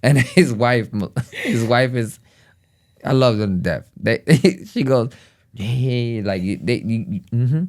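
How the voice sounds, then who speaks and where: Brief: man, animated family storyteller, lively voice doing quotes. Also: medium pitch, slow pace. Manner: laughs often while telling stories. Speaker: family vlogger. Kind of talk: casual storytelling chat.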